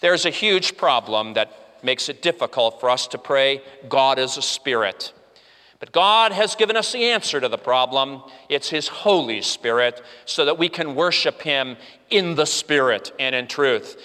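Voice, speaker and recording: A man's voice: medium pitch, expressive, measured pace, pushed and bright. A man preaching a sermon to his congregation, earnest, with frequent "uh" restarts and a voice that rises and falls. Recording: long hall reverb.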